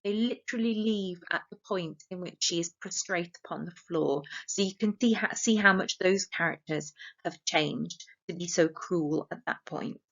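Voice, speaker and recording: A woman's voice: lowish voice, normal speed, creaky, hardly any pauses. A woman teacher with an English accent, annotating a play for exam revision and reading quoted lines aloud plainly. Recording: slightly dull lo-fi audio.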